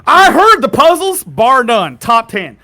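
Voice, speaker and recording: A man running a tabletop game puts on the voice of a jovial, tipsy skeleton guide, rambling in a folksy drawl and chuckling to himself. The full character voice is high, bright, and forceful, with huge pitch swings and an unhurried pace.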